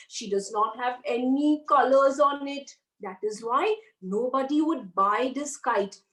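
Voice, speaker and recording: Woman, Indian accent, children's teacher, high-pitched, slow storytelling, roomy distant recording. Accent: Indian English. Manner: animated, asks children questions. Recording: roomy, far from mic.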